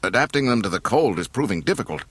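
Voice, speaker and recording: A man voicing an anxious male deck officer, hurried and worried. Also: on the low side, sing-song, breathy edge, no echo, voice pushed up.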